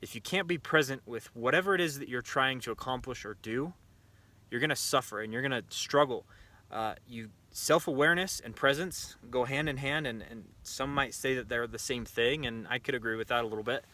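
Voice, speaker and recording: A man's voice: mid-range voice, brisk, sharp tone. A man with a casual, conversational delivery full of fillers and restarts, talking to camera as a shooting coach at an outdoor pistol range. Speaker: shooting coach and show host.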